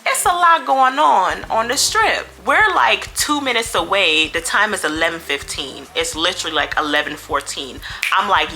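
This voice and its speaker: A woman vlogger telling a storytime in a chatty, slangy, animated way. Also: mid-range voice, a little slow, faint music behind. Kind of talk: casual storytime.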